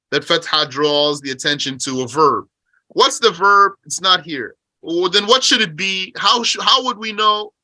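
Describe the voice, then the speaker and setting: A man teaching a religious text. He reads Arabic passages quickly, then explains them slowly in English and asks rhetorical questions along the way. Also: a little high, sharp tone, no room sound. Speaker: teacher explaining a Qur'an commentary.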